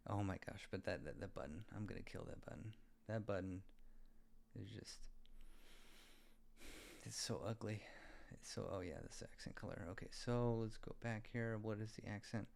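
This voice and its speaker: A man's voice: on the low side, moderate pace, gravelly, darkish tone. A man thinking aloud and muttering to himself as he designs a web page in a casual screen-recording tutorial.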